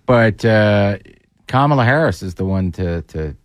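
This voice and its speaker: A man's voice: fairly low pitch, lively intonation, measured pace, no room sound. A man hosting a radio talk show, chatting casually and bluntly about politics. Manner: blunt, opinionated, wisecracking.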